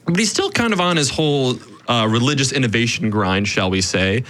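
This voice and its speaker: A man co-hosting a casual history podcast, telling the story in an animated way with quick quoted asides and frequent "right?". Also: medium pitch. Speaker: podcast co-host.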